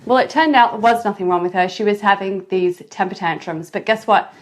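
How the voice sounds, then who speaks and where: A mother telling a parenting story in a casual vlog, animated and dramatic, with big jumps in pitch. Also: brisk. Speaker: mother sharing parenting advice.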